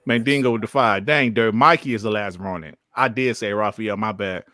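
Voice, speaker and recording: A man's voice: fairly low pitch, fairly quick, sharp tone, no room sound, clean studio sound. A man hosting a casual gaming podcast, reading viewer messages aloud in a laid-back, slangy way and laughing often. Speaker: podcast host. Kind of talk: casual chat, reading super chats.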